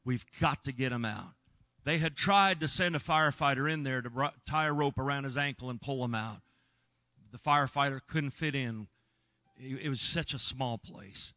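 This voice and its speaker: A man's voice: mid-range voice, normal speed, no echo. A man preaching, telling a rescue story in an earnest, emphatic way. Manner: earnest, emphatic, shouts when reliving moments. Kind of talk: sermon storytelling.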